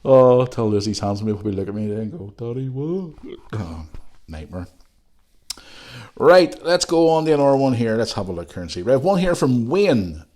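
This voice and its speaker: A podcast host from Northern Ireland, a middle-aged man with a fairly low, creaky and slightly mellow voice, reads out listener messages. He keeps it casual, drifting into jokey, rambling asides.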